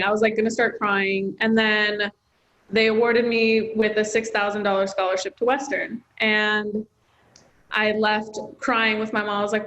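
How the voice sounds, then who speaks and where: A woman's voice: medium pitch, level tone, normal speed, fairly bright tone, highs cut off. A young woman, a college student, telling a personal story in an interview, heartfelt and chatty with lots of filler words. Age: young adult. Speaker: student guest.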